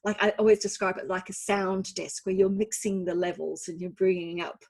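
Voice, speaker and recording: A woman's voice: medium pitch, steady tone, fairly quick. A woman in her forties with an Australian accent, an author giving an online talk in a chatty, self-deprecating storytelling manner. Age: 40s.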